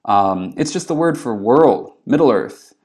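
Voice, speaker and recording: A man lecturing on early literature in a relaxed way, with frequent ums, reading old verse aloud slowly. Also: medium pitch. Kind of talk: recorded classroom lecture.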